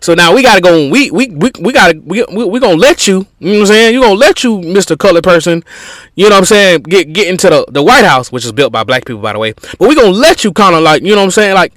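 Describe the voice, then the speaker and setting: A man's voice: high voice, a bit bright, no echo. A man putting on a patronizing Southern boss. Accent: mock Southern US. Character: condescending Southern white male boss.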